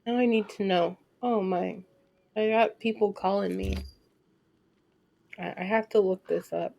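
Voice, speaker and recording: A woman in her twenties streaming live gameplay commentary, chatting and thinking aloud, with sudden excited squeals and casual swearing. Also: medium pitch, measured pace, gravelly, a little hiss or hum.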